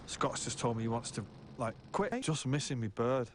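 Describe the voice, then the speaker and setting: A man's voice: medium pitch, lively intonation, normal speed. Man, blunt, profane, documentary interview, music bed. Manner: blunt, sweary, laughs through stories. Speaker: band member interviewee. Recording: voice under loud music.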